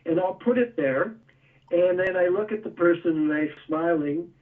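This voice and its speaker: A man's voice: sits high, normal speed, distant mic. Man explaining over a tinny phone line. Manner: explains step by step, chuckles often. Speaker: guest, energy tool maker. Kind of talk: casual interview.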